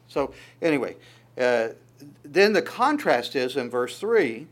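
A man preaching a sermon, lively and conversational, often stammering on repeated words and acting out quoted voices. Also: fairly high pitch, moderate pace. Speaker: pastor.

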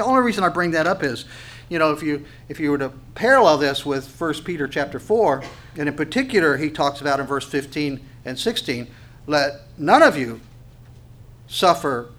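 A man's voice: fairly high pitch, a bit bright. A man preaching a sermon, reading scripture, asking questions and answering them himself, and repeating phrases for emphasis. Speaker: pastor.

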